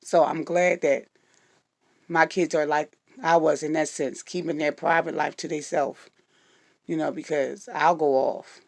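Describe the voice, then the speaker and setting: Gravel-voiced woman with a husky morning voice. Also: sits low, fairly even intonation, measured pace, no echo. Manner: stumbles over words now and then; frank and direct. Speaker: vlogger giving relationship advice. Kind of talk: casual advice talk to viewers.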